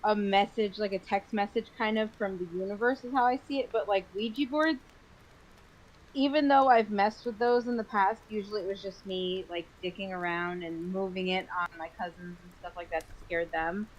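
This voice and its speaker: A woman's voice: mid-range voice, steady tone, normal speed, low-quality recording. A woman co-hosting a horror story livestream, chatting casually and reacting with short exclamations. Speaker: co-host.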